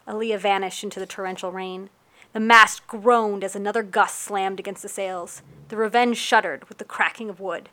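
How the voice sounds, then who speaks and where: Bright woman narrating an adventure tale. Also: mid-range voice, normal speed. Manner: lively, wry storytelling. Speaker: audiobook narrator. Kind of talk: first-person storybook narration.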